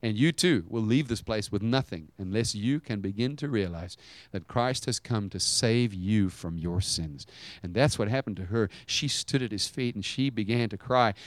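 A man preaching a sermon, retelling a story dramatically and swinging between loud high bursts and hushed low passages. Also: normal speed, hardly any pauses, no room sound.

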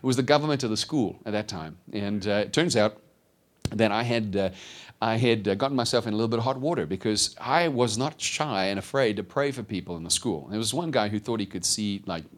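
A man preaching a sermon, telling his own story with lively storytelling and acted-out voices. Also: lowish voice, fairly quick. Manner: animated storytelling, acts out voices. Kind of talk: sermon testimony.

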